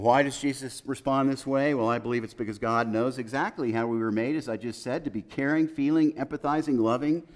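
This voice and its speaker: A man with a medium-pitched voice delivers a sermon as pastor of a chapel. His preaching climbs through forceful lists before falling to quiet, hushed quotes.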